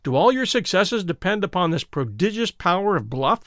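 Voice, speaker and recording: A man voicing a fierce, menacing middle-aged explorer in a dramatic audiobook reading, with forceful, indignant outbursts. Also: high-pitched, sing-song, moderate pace, dry recording, studio quality, exaggerated voice.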